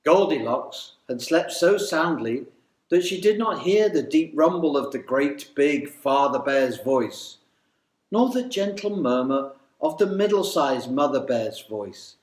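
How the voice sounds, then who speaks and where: Man reading a kids story, slow and lively, echoey room. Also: on the high side. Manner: slow, animated, sing-song.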